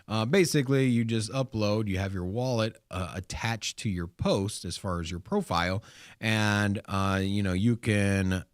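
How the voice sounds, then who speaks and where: A man co-hosting a casual crypto talk show, animated and rambling with restarts and fillers. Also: on the low side, a little slow, no room sound, studio quality. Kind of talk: casual chat.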